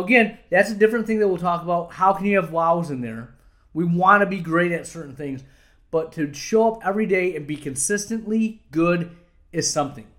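Male podcast host, slightly higher pitch, emphatic and earnest solo talk. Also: a bit bright. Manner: earnest and fired up, building emphatically on repeated points. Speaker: podcast host, eye doctor.

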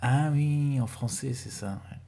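A man with a French accent chats loosely as a podcast co-host, joking and teasing his partner. His voice has a gravelly, creaky edge. He keeps slipping French words into the talk. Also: medium pitch, moderate pace, dark tone. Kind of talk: casual chat.

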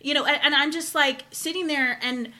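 Bright, enthusiastic young woman chatting. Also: high voice, moderate pace. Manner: enthusiastic, animated storyteller. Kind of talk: casual chat.

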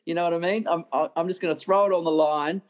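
An Australian man, a racing driver, telling animated stories in an interview, often laughing and restarting his sentences. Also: on the high side, fast. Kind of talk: interview storytelling.

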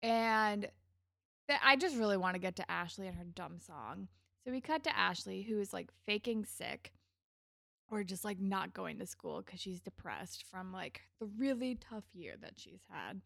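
A woman's voice: medium pitch, lively intonation, moderate pace, vocal fry, a bit bright, no room sound, clean studio sound. A woman co-hosting a casual TV recap podcast, chatty and giggly, acting out characters' lines as she retells scenes. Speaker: podcast co-host.

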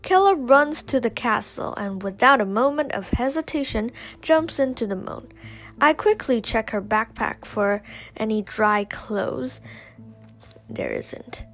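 A woman's voice: a little high, expressive, measured pace, a bit bright, soft background music. A woman reading a first-person adventure story aloud, carefully, with small slips and restarts. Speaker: story reader.

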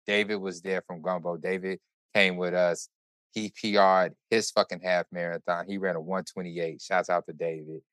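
A man hosting a podcast, telling a story in casual chat with animated, profane, run-on delivery. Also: deep voice, normal speed, no room sound. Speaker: podcast host.

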